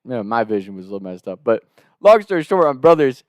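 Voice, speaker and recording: A man's voice: medium pitch, very animated, fast, dry recording. A man casually telling a comic story, rambling and profane, laughing between his lines.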